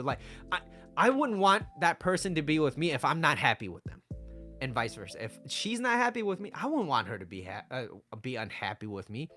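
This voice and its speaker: A man's voice: a little high, very animated, normal speed, bright, forceful tone, faint music behind. A man giving dating advice in a direct monologue, blunt and emphatic, often checking in with "right?" and "okay?".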